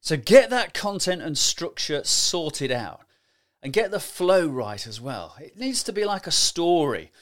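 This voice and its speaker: A middle-aged man gives lively, emphatic podcast advice on presenting, often tagging his points with rhetorical questions. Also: on the high side, unhurried. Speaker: presentation skills coach. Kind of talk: solo podcast advice talk.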